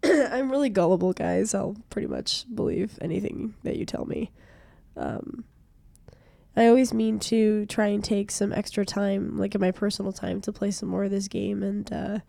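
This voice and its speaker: A young woman with a cold, her voice hoarse and stuffy, chatting casually and self-deprecatingly while streaming a game from a small room. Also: medium pitch, steady tone, moderate pace, dark tone, no room sound. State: congested from a cold.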